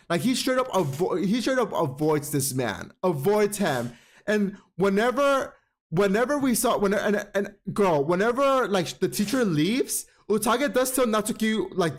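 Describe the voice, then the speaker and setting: A man's voice: high-pitched, very animated, normal speed. A man recapping an anime episode in a casual vlog, gushing, chatty and full of profanity. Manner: calls listener "girl" often.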